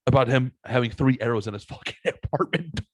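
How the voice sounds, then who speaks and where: A man's voice: medium pitch, a little fast, dry recording. A man hosting a podcast, telling stories in casual chat and swearing freely. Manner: animated storytelling, swears freely. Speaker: podcast host.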